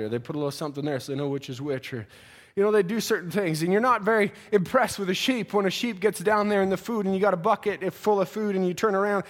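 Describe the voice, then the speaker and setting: A man preaching a folksy sermon in church, building from a conversational tone to fervent, near-shouted exhortation. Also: high voice.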